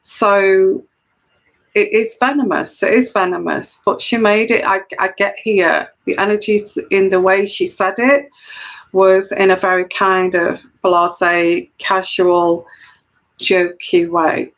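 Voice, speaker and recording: A woman speaking slowly in an unhurried, middle-pitched voice. She works as an intuitive tarot reader and talks straight to camera in an earnest, explanatory way, circling back and repeating phrases to drive her point home. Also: fairly even intonation, low-quality recording. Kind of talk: solo camera monologue of personal commentary.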